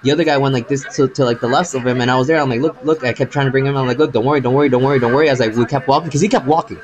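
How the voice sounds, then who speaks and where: A man's voice: medium pitch, very fast, a crowd in the background, rough recording. A man streaming live, telling a long story in a rambling, casual way, repeating words and calling the listener bro.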